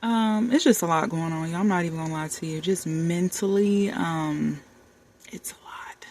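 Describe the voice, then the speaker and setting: A woman's voice: fairly low pitch, moderate pace, darkish tone, a little hiss or hum. A woman in her thirties talking candidly to camera in a heartfelt, conversational way, calling her viewers y'all and baby. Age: 30s. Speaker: vlogger. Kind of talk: candid personal talk to camera. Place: warm room with the air conditioner running.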